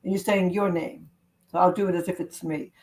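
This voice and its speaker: A woman love coach giving an earnest, gentle self-help talk to camera, with spiritual wording. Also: fairly low pitch, fairly even intonation, fairly quick, poor audio.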